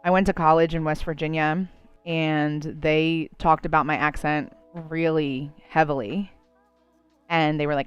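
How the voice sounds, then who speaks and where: A woman's voice: sits low, flat delivery, normal speed, clean tone, lo-fi sound, soft background music. A woman with a New Jersey accent, chatting casually and rambling while she draws on a live stream. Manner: chatty, rambling, many likes and you knows. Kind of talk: casual chat while drawing.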